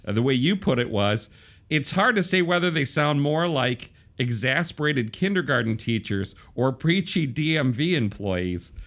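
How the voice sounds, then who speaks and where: A man's voice: mid-range voice, expressive, normal speed, fairly bright tone. A man hosting a casual political talk show, wry and conversational, often restarting his sentences. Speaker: podcast host.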